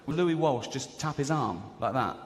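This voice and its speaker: A man doing stand-up, telling a story in an animated way and acting out other people's voices. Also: mid-range voice, measured pace. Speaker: stand-up comedian. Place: comedy stage. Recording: live stage, hall reverb, faint ambience.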